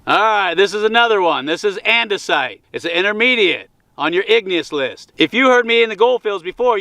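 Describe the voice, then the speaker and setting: A man's voice: high-pitched, vocal fry, fairly bright tone, dry recording. A man hosting an outdoor geology lesson, pointing out rocks at an old mine site in a casual, instructive way. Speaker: host explaining geology. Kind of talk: outdoor teaching walkthrough.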